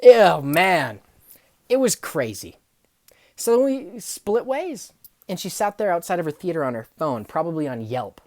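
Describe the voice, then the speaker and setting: A young woman telling funny workplace stories, acting out the people in them and swinging from hushed asides to loud outbursts. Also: fairly low pitch, normal speed, no echo, studio quality. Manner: animated, acts out dialogue, swings from hushed to yelling. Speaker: storyteller. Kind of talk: comedic storytelling vlog.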